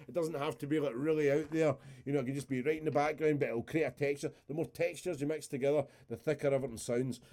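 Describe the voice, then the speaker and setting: A man's voice: a little high, dark tone. A man, casually walking through a music production session on a live stream, chatty and rambling with the odd swear word.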